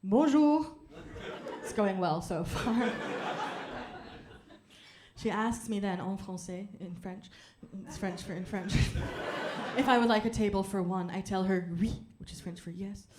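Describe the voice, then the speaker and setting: A young woman doing a stand-up comedy set on a club stage into a handheld mic, dry and deadpan, now and then breaking into loud, high mock-French theatrics. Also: unhurried, background noise. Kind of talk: stand-up set with crowd work.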